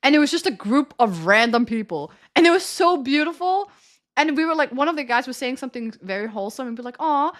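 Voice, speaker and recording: A woman's voice: high-pitched, expressive, fast talker. A young woman streamer telling a story in casual chat, rambling and laughing often. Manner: rambling, chatty, with frequent laughter and "like" fillers.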